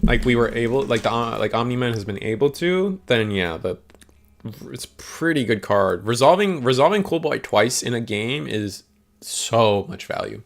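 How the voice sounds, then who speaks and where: A man's voice: medium pitch, expressive, moderate pace, gravelly. A young man hosting a stream, giving casual, rambling live commentary on a card game and chatting with viewers in slang. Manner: rambling and slangy, talks to chat.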